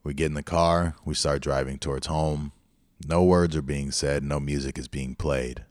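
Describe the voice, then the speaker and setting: A man's voice: a bass voice, fairly even intonation, moderate pace, no room sound, studio quality. A middle-aged man hosting a podcast, telling a personal story in a candid, reflective way. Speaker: podcast host. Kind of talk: storytelling monologue.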